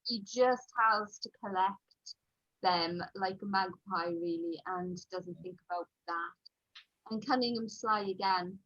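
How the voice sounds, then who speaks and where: A woman with a Welsh accent, a children's author chatting on a podcast in an animated way, full of fillers. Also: mid-range voice, slow pace, no echo, lo-fi sound. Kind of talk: casual podcast chat.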